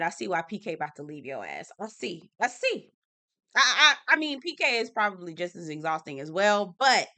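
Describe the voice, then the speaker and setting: A woman recapping a reality-TV episode in a casual vlog, blunt and animated, swearing freely and talking straight to her viewers. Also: lowish voice. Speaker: TV review vlogger.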